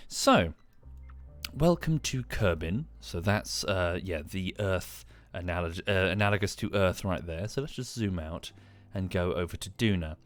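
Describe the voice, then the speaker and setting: A man, chatting casually on a live game stream, tired and dry, rambling with frequent ums. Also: sits low.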